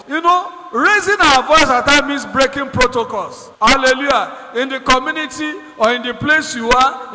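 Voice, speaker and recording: Man, preacher, very high voice, fervent, long hall reverb, loud background noise. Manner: fervent, rising to loud exhortation. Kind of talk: sermon.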